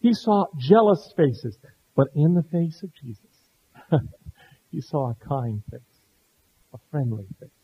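Middle-aged guy preaching, fairly high voice, a bit husky, goes quiet then loud. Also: very animated, unhurried, pauses often. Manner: earnest, swings between hushed and emphatic. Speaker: pastor. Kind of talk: sermon. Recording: dull lo-fi sound.

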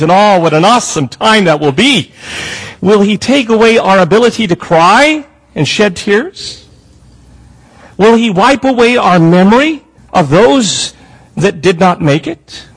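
A man's voice: high voice, slightly rough, rough recording. A man preaching a sermon as pastor, with a prayer and emphatic questions to the congregation.

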